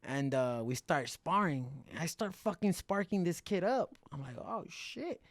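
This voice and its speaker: Profane, animated storytelling fighter, man. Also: fairly high pitch, normal speed, no echo. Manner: profane, animated storytelling with acted-out quotes and slang. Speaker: guest fighter. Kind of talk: casual storytelling in a podcast interview.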